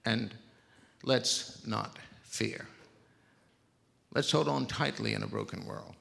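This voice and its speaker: An older man from Mississippi, preaching a sermon in slow, heartfelt storytelling. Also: mid-range voice, creaky, a bit bright. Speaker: pastor. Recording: reverberant church sanctuary.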